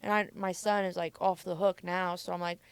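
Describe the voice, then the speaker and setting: A woman's voice: lowish voice, little pitch movement, fairly quick, clean tone, no room sound. A woman, a mother, recounting her past candidly in casual speech full of "like". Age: adult mother. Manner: casual, frequent filler "like". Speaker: podcast guest. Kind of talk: candid personal storytelling.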